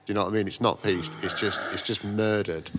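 A man's voice: on the low side, steady tone, fast, background noise. A man in a casual interview, telling rambling anecdotes full of slang and restarts. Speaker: guest, graffiti artist and painter.

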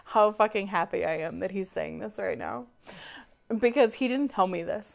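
A woman co-hosting a podcast, telling a story in animated casual chat and swearing freely. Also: medium pitch, moderate pace, gravelly. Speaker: podcast co-host.

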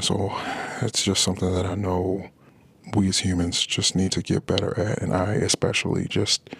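A man's voice: deep voice, vocal fry, husky, dry recording. A man hosting a podcast, venting in a rambling, frustrated monologue about his marriage. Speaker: podcast host.

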